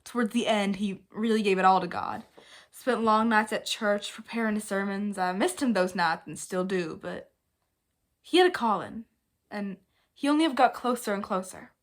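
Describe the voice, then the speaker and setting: A woman reading the words of a young Southern preacher's daughter, in a soft, wistful way. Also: mid-range voice, moderate pace, close to an everyday voice.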